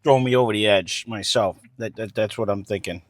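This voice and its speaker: A man's voice: fairly low pitch, fairly quick, no room sound. A man casually reviewing breakfast food with a co-host, frank and easygoing about what he likes.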